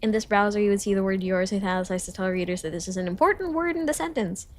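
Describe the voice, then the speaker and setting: Giggly young woman streamer studying aloud. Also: quick pace. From Philippines. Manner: reads lessons aloud, then jumps to high cheerful greetings to chat; giggly, self-conscious asides. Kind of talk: casual study livestream, reading notes aloud.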